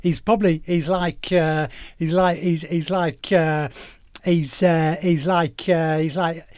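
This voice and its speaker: A man's voice: on the high side, level tone, takes it slowly, a little mellow, no echo, clean studio sound. A man hosting a reaction video, talking in a mocking, rambling way with lots of fillers. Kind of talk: casual sarcastic commentary.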